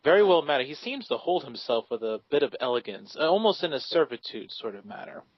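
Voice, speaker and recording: A man's voice: mid-range voice, sing-song, quick pace, no echo. A man narrating a tabletop game as game master, in careful, descriptive speech. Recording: dry, lo-fi sound.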